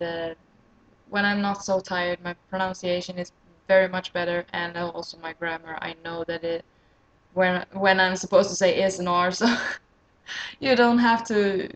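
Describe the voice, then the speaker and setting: Tired, excitable woman rambling on her vlog. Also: lowish voice, rough recording. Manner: rambling, self-deprecating, excitable. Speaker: gaming channel host. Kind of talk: casual solo vlog talk.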